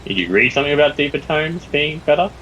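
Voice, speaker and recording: A man's voice: a little high, animated, quick pace, a crowd in the background, low-quality recording. A man chatting casually while playing a farming game, rambling and hedging as he talks. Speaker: roleplay player. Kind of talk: casual gaming chat.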